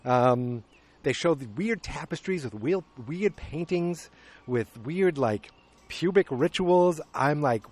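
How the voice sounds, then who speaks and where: A man's voice: fairly high pitch, takes it slowly. A middle-aged man hosting a podcast, recapping a movie in casual chat and acting out its scenes as he goes. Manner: animated storytelling, acting out scenes. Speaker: podcast host.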